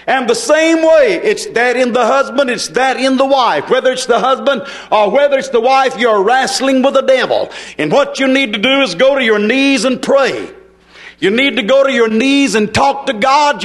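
A fiery male preacher with a notably high-pitched voice. His delivery is folksy and emphatic, dropping into quiet asides before pushing forceful declarations to the congregation. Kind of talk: fiery sermon.

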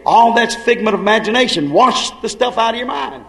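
Man, high-pitched, preacher, fervent sermon, hushed then shouting. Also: fairly quick, gravelly, few pauses, low-quality recording.

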